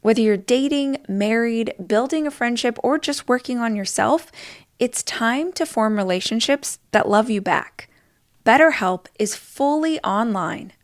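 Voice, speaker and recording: A woman host reading a sponsor spot in an upbeat, conversational way. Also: on the high side.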